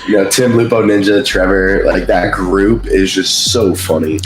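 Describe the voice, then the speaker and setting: A man chats on a podcast, spinning an animated story and acting out the lines of others. His voice sits fairly low and rings in an echoey room. Faint music plays underneath. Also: moderate pace. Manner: animated storytelling, acts out quotes. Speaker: podcast guest, streamer. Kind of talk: casual interview chat.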